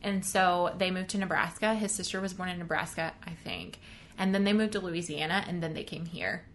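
A young woman chatting on her podcast, her voice sitting a little low for a woman. She talks excitedly, laughs often and swears casually. A faint low rumble runs under the recording. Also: fairly quick. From Texas. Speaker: podcast co-host. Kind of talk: casual chat.

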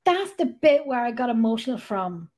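This is a middle-aged woman, hosting a casual chat. Her voice sits on the high side, and she rambles along and swears freely. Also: big pitch swings, normal speed, darkish tone. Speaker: podcast host.

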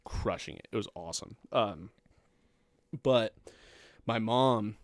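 A man's voice: lowish voice, slow pace, dry recording, studio quality. A young man in his twenties telling a long, rambling, profane story in casual chat and laughing at it.

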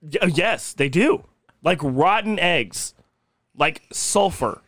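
A man's voice: a little high, expressive, slow pace, a bit bright, no room sound, studio quality. A young man co-hosting a casual podcast, laughing often and swearing freely as he tells a spooky story. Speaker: podcast co-host.

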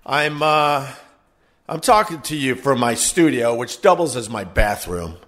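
A man hosting his podcast, ranting heatedly with swearing and shouted bursts, recorded in a home studio. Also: mid-range voice, animated, a little slow. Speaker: podcast host. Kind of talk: casual monologue rant. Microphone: high quality recorder.

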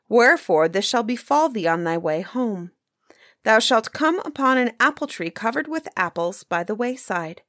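A woman's voice: medium pitch, a bit bright, dry recording, studio quality. A woman voicing an earnest loyal huntsman. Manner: earnest, formal archaic speech. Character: loyal, pleading male huntsman servant.

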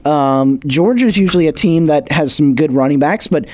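A man co-hosting sports radio, talking in halting, rambling runs full of fillers. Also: a little high, a little mellow. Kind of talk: casual sports radio talk.

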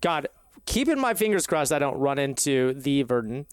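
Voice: medium pitch, very animated, moderate pace, clean tone, dry recording. A player in a tabletop game, casual and hesitant, thinking aloud.

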